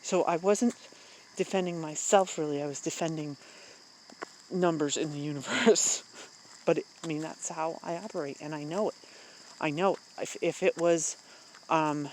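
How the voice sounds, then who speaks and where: An adult vlogger vents casually to the camera in a mid-range voice at normal speed, rambling candidly with lots of fillers, restarts, self-interruptions and frequent short laughs. She pauses often and grows louder and more emphatic whenever something makes her indignant. A slight hiss or hum sits under the recording.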